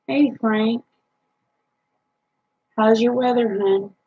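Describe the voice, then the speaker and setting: A worn-out woman with a drawl talks unhurriedly to her live viewers, rambling with plenty of fillers. Her voice is gravelly and a little husky. The sound is dull and lo-fi. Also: a little high, steady tone, drawn-out words, dark tone. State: tired, yawning. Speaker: homesteader talking to live chat viewers. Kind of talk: casual live chat.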